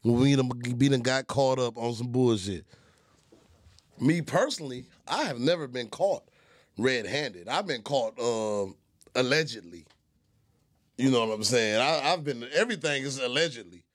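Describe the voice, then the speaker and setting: A man co-hosting a podcast in casual chat, loud and profane, laughing often. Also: medium pitch, animated, normal speed. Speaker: podcast co-host.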